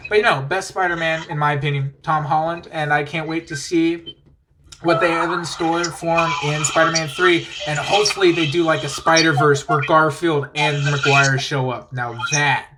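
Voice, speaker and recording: A man's voice: a little high, steady tone, moderate pace, heavy background noise. A man hosting a podcast, chatting casually, rambling enthusiastically and laughing easily. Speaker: podcast host. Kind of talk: casual chat.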